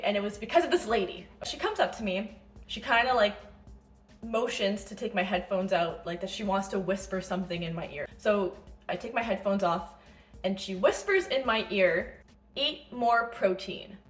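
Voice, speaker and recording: A woman competing in bodybuilding, telling a story and giving diet tips in a chatty, animated way that swears freely. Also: mid-range voice. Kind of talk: casual storytelling vlog.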